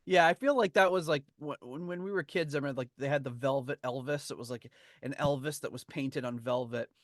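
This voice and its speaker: A man's voice: medium pitch, a little fast, no echo, clean studio sound. A man hosting a podcast, chatting casually and animatedly, with frequent laughs and fillers. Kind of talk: casual chat.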